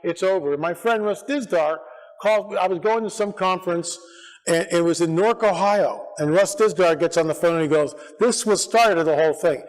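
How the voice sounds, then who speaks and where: A man giving an animated, storytelling talk at a church conference, acting out quotes as he goes. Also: high voice, moderate pace. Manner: animated, acts out quotes, restarts often. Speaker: conference speaker. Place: church sanctuary. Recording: echoey church hall.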